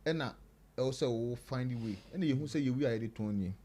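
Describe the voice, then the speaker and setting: A man's voice: mid-range voice, fairly quick, warm tone, slight background noise. A Ghanaian man speaking as a panelist in a casual chat, switching between Twi and English.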